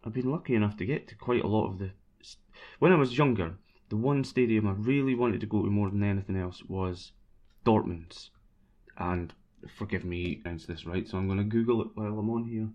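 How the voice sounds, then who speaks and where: A man's voice: on the low side, darkish tone. A man chatting casually about football, rambling and self-mocking as he answers listeners. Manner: rambling, self-mocking, bursts into sung chants. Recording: dull lo-fi recording.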